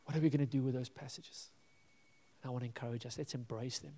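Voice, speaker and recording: A man's voice: mid-range voice, fairly even intonation, fast, warm tone, big-room sound. A man preaching a sermon as pastor, earnest and pleading, sometimes dropping to a near-whisper.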